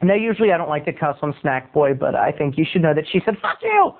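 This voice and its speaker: A man's voice: fairly high pitch, lively intonation, quick pace. A man video blogger tells a rambling comic story, chatty and playful, wandering off on tangents. His voice comes through thin and tinny, like a phone line.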